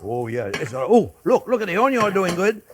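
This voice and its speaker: An older man with a French accent hosts a casual cooking demonstration, chatting and joking with viewers he calls friends. His voice sits high and is very animated and fairly quick. A pan sizzles in the kitchen, adding slight background noise.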